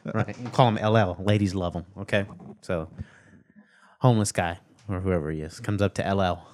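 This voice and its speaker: A man with a somewhat low voice trades jokes in relaxed chat. He teases his friends, backs them up with quick "yeah"s and takes over the story with easy humor. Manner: jokey, teasing, chimes in with quick agreement. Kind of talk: casual chat.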